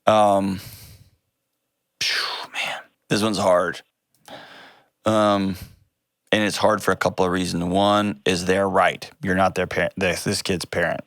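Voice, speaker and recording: A lower-voiced man hosts a call-in advice show in a dry, close studio sound. He talks directly and earnestly and often corrects himself mid-sentence. His delivery turns animated when he retells a story. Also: slow, pauses often, no room sound.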